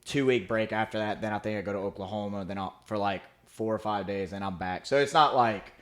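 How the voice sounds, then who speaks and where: Laid-back low-voiced young man rambling. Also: a little fast. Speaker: podcast co-host. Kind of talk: casual chat.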